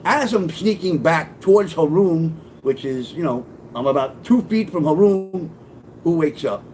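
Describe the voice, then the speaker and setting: A middle-aged man with a slightly high voice tells a profane personal story in a casual, memoir-style way, unhurried and animated as he acts out the voices of people he quotes. The audio is poor, with slight background noise.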